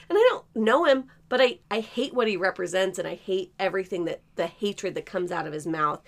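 Woman co-host, lowish voice, blunt casual talker, swears a lot, restarts sentences. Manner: frank, swears often, restarts mid-thought. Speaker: podcast co-host. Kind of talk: casual chat.

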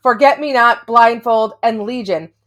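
A woman's voice: on the high side, measured pace, fairly bright tone. A woman co-hosting a casual comics podcast, chatting in a rambling way with casual swearing. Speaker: podcast co-host.

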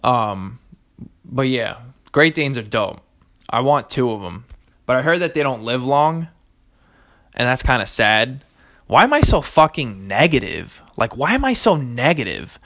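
A man's voice: mid-range voice, pushed and bright. A young man hosting a solo podcast, rambling casually with lots of swearing and self-contradiction. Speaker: podcast host.

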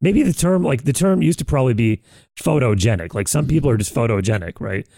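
A young man with a gravelly, fry-laden voice chats on a podcast, his pitch rising and falling a lot. He sounds dry and close, easygoing and slangy. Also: expressive, fast, mellow, dry recording. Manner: laid-back, says "dude" and "man". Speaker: podcast co-host. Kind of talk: casual chat.

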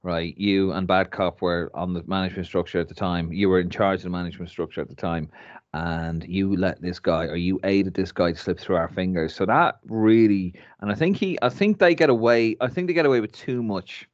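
A man's voice: low-pitched, brisk, no room sound, muffled recording. An Irish man co-hosting a podcast, talking bluntly and swearing freely in casual chat. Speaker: podcast co-host.

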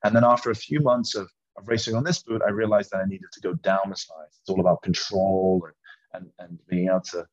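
A man who is a guest ski racer, explaining his sport in a measured way during an interview. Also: low voice, steady tone, no echo. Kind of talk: casual interview. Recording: dry, slightly dull sound.

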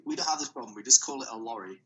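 A young man with a Northern English accent chats on a podcast in a curious, wry way. His voice has a bright edge, and he talks quickly. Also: mid-range voice, lively intonation, slightly rough. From Northern England. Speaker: podcast co-host. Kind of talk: casual chat.

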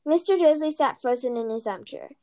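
High-voiced woman reading aloud. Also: expressive, fairly quick, warm tone, no room sound. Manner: stumbling, self-correcting. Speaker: reader.

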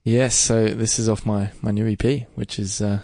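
A man's voice: fairly low pitch, flat delivery, normal speed, dark tone, no echo. Easygoing musician guest, dry-voiced man. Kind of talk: casual podcast chat.

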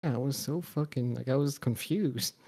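A man's voice: medium pitch, normal speed, a little mellow, husky. Rambling, giggly male podcast co-host. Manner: rambling, laughs often, swears. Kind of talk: casual wrestling review chat.

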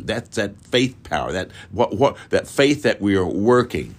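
A man's voice: fairly low pitch, lively intonation, normal speed. A middle-aged man preaching a televised sermon as a televangelist, fervent and repetitive, drawing out emphatic phrases and appealing for donations. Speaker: televangelist pastor.

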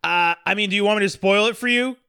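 A man co-hosting a casual movie chat, rambling and animated, often slipping into mock voices. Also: high-pitched, quick pace, clean tone, no room sound, studio quality.

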